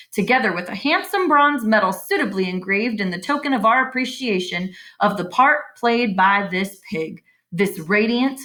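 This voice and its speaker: Lady reading as a pompous fair announcer guy, booming and formal, storybook read-aloud. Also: sharp tone.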